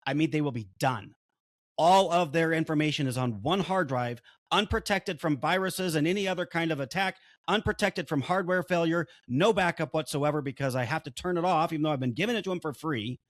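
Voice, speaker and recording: A man's voice: a little high, brisk, no echo, studio quality. A man co-hosting a podcast, blunt and openly emotional, swearing as he vents. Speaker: podcast co-host. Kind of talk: heated casual podcast chat. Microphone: desk-mounted microphone.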